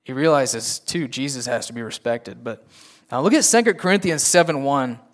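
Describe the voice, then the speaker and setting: A man preaching a sermon in a conversational style, often checking in with the listeners with quick asides. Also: medium pitch, lively intonation. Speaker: pastor.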